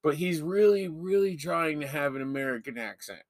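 A man's voice: fairly high pitch, animated, moderate pace, no echo, clean studio sound. A man co-hosting a podcast, chatting casually about a movie with profane, joking, mock-outraged remarks. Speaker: podcast co-host. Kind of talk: casual movie-review chat.

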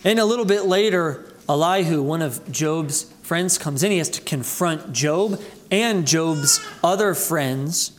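A man preaching a sermon as pastor, earnestly calling his listeners brethren, his voice climbing high and loud for emphasis, then dropping low and quiet. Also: unhurried. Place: church sanctuary.

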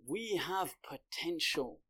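A male religious lecturer talks to his audience in a loose, conversational way. His voice sits a touch high, and he tells stories with lively energy before drawing out his point. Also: slow pace, slightly rough. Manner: conversational, animated storyteller. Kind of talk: lecture with storytelling.

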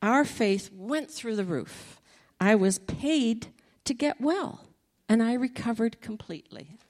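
Animated woman telling a faith testimony. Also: fairly high pitch, takes it slowly. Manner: animated storytelling, laughs often. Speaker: guest sharing a testimony.

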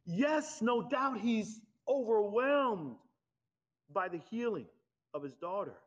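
Animated preacher, man, lo-fi sound. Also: sits high, slow. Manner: animated, conversational preaching with laughs and acted-out quotes. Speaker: pastor. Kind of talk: sermon. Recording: dull lo-fi sound.

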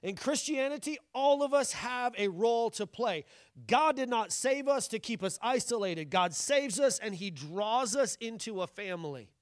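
High-voiced man preaching with jokes. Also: moderate pace, no echo, clean studio sound. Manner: conversational, joking, animated preaching. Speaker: pastor. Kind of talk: sermon.

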